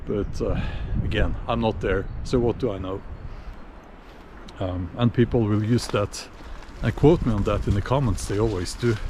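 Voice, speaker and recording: A man giving a casual opinion monologue while walking outdoors, unhurried and musing, with many fillers and restarts. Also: on the low side, dark tone, a little hiss or hum. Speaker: video blogger.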